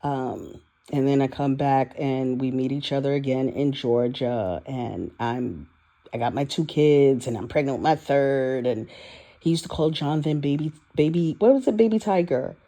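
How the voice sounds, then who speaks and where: Woman, 40s, dark mellow tone, unscripted confessional vlog, raw and rambling. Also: very deep voice, normal speed. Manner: candid, rambling, profane, emotional. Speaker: vlogger. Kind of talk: confessional audio diary. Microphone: voice-only recording, no video.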